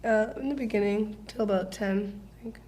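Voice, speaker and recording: A woman's voice: mid-range voice, normal speed, dark tone, slight background noise. A woman as an interview guest, chatting casually in a blunt, giggly way. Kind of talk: casual chat.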